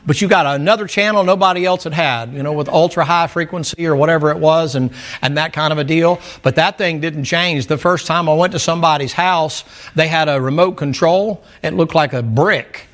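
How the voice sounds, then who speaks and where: A man's voice: on the high side, a little fast, few pauses, a bit bright. Folksy mountain-raised preacher man. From American mountain region. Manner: folksy, storytelling, humorous asides. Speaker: pastor. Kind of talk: sermon.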